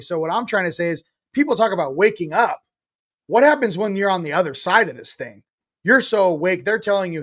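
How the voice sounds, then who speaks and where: A man's voice: sits high, animated, fairly quick, a bit bright. A man in his forties, a guest in an interview, talking in a blunt, emphatic, sarcastic way, swearing casually. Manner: sarcastic, self-mocking. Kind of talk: casual spiritual interview talk.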